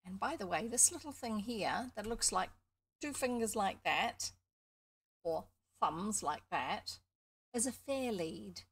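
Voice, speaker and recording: A woman's voice: medium pitch, expressive, slow pace, breathy edge. A woman with a New Zealand accent reading a children's book aloud, stopping for chatty, explanatory asides. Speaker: storybook reader.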